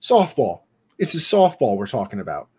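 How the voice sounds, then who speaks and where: A young man co-hosting a casual sports chat, telling animated stories and acting out the people in them. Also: medium pitch, moderate pace, breathy edge. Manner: animated storyteller, acts out quotes. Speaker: podcast co-host.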